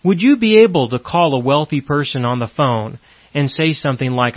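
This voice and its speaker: A man's voice: medium pitch, normal speed, no echo. A man preaching a sermon in an earnest way, full of repeated rhetorical questions and emphatic lines. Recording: dry, dull lo-fi recording.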